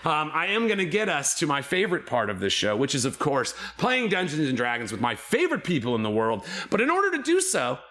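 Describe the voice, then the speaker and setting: Animated, bright-voiced man hosting. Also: fairly high pitch, a little fast, few pauses. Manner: animated, profane, sentimental. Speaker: game master and show host. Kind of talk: emotional show introduction.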